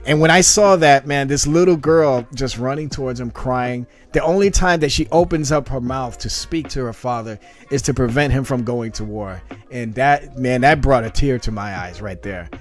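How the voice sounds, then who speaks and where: A man's voice: mid-range voice, normal speed, faint music behind. A man hosting a casual podcast, rambling with many repeated words and laughing often. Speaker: podcast host. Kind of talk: casual chat.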